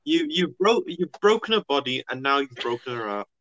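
A man's voice: mid-range voice, sing-song, crowd noise, natural voice. A man putting on an Australian accent to play a blokey mate who scolds his friend. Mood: mock scolding. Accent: put-on Australian. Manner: mock-scolding, drawn-out "mate". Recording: dull lo-fi sound, faint noise.

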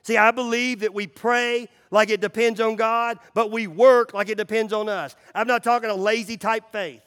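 A pastor with a high-pitched voice preaches to his church, casual and conversational, dropping into near-hushed lows and then surging back loud and emphatic. His voice rings out with a long reverb tail, as in a big sanctuary. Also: fairly even intonation, normal speed, clear, resonant tone. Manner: swings between loud emphatic runs and hushed low drops. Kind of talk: sermon.

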